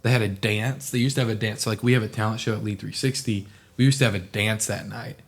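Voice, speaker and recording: A man's voice: fairly low pitch, fast, vocal fry. A young man from Oklahoma, a podcast guest, telling stories in casual chat and acting out the people in them. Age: young adult. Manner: animated storyteller, acts out quoted people.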